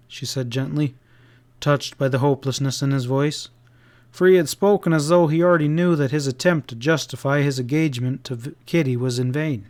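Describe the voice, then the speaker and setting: A man narrating a classic western audiobook in a measured, steady reading. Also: medium pitch.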